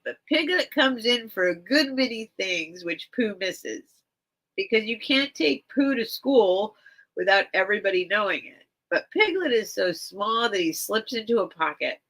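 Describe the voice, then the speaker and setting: A woman's voice: medium pitch, expressive, moderate pace, a bit bright, rough recording. Teary, chatty woman reading aloud. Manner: rambling, chatty, heavy on "like" fillers. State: teary, on the verge of crying. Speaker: livestream seller. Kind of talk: casual livestream chat and reading aloud.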